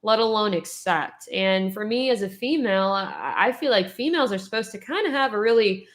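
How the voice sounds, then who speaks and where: A woman's voice: mid-range voice, animated, moderate pace, few pauses. Playful chatty woman podcast co-host. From Texas. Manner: playful, chatty, shifts pace to make a point. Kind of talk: casual podcast chat.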